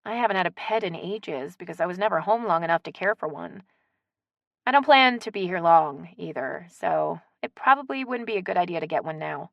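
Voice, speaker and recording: A woman's voice: lowish voice, lively intonation, fairly quick, gravelly, dry recording, dull audio. A woman doing a polite, reserved newcomer.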